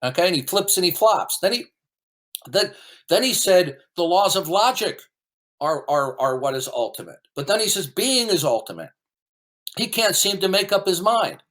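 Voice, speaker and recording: A combative man hosting an online debate, his voice sitting a little high for a man. He argues in a dismissive, repetitive way, doubling words as he pushes each point. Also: big pitch swings, moderate pace, a bit bright. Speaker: debate host. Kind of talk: heated debate commentary.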